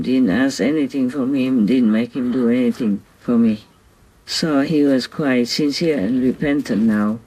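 A man speaking as a spiritual teacher in a gentle, earnest, devotional way. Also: mid-range voice, low-quality recording. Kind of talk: slow devotional talk.

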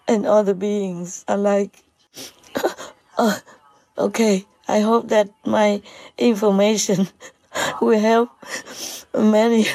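A woman speaks slowly and haltingly, pausing often as she gives a heartfelt spiritual talk. Her voice has a gravelly, creaky edge. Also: fairly high pitch, dark tone, dry recording. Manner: halting and emotional, with frequent pauses.

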